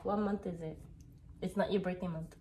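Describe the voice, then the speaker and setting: A mother leading a morning circle at home, patiently asking her child simple questions in a gentle, coaxing way. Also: on the low side, steady tone, moderate pace, noisy background. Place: home, partly near sunlight indoors.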